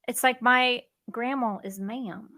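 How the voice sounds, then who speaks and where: A woman in her thirties co-hosting a casual chat show, chatty and animated as she reads out questions. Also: fairly high pitch, slow. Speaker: podcast co-host.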